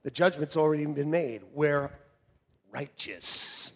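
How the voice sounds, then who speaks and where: A middle-aged man preaching a sermon to a congregation, joking and animated, swinging from shouts to quiet asides. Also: a little high, slow. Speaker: pastor. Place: church hall with congregation. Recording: long reverb of a church hall.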